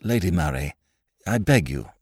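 A man voicing an earnest, somewhat flustered gentleman detective in an audiobook, polite and anxious. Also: deep voice, lively intonation, moderate pace, breathy edge, no echo, studio quality. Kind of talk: audiobook character voice.

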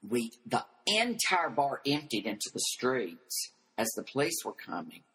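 An older man as an interview guest, telling animated stories and acting out the voices of the people in them. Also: medium pitch, unhurried, husky, low-quality recording. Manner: flamboyant storyteller who acts out quoted voices.

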